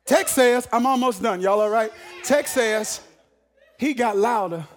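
Male preacher, very high voice, animated shouting sermon with call-and-response. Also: a little slow.

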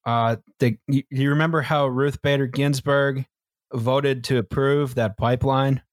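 A man's voice: medium pitch, steady tone, a little slow, dry recording, faint music behind. Dry, laid-back young man, close mic. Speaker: podcast host reading news items. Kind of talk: casual news-recap banter.

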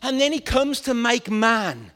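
A man preaching a lively sermon to a congregation, animated and playful, acting out scenes as he goes. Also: very high-pitched, unhurried, in a large hall.

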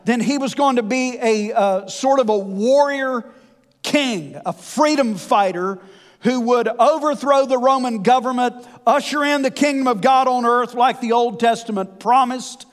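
A man preaching a sermon, folksy and animated with conversational asides. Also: very high-pitched, a little slow. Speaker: pastor. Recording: long hall reverb.

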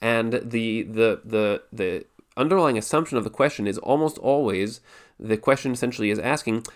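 A man's voice: lowish voice, moderate pace. A man giving a spoken lesson on Jewish law, thinking aloud with frequent restarts and repeated words. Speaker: Torah teacher.

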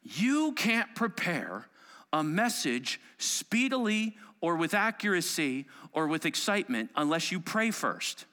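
A middle-aged male pastor preaching a sermon, emphatic and swinging from loud declarations to hushed whispers. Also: on the high side, big pitch swings, measured pace.

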